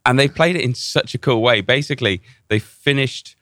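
A man's voice: medium pitch, moderate pace, fairly bright tone, no echo, clean studio sound. A man hosting a casual chat, telling a story animatedly with lots of restarts.

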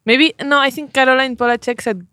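A co-host in a casual chat, relaxed and asking questions. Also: high-pitched, fairly quick, clean tone, no room sound, studio quality.

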